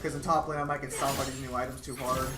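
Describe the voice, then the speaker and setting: A man streaming a video game and commenting live, frustrated and sweary, ranting and sometimes yelling at the game. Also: medium pitch, level tone, quick pace. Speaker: gamer streaming a match. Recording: echoey room with background noise.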